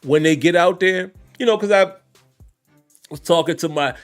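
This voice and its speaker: A man's voice: sits high, moderate pace, soft background music. A man hosting a sports fan podcast, talking casually and directly to his listeners. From Richmond. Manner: conversational, addresses listeners directly. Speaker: podcast host.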